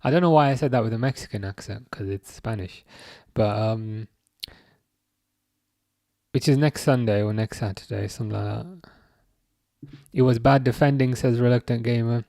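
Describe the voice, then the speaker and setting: A man's voice: mid-range voice, moderate pace, gravelly, long pauses, dark tone, no echo, studio quality. A young man hosting a live stream, reading viewer chat aloud and answering in a chatty, self-correcting way. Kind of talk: casual live chat commentary.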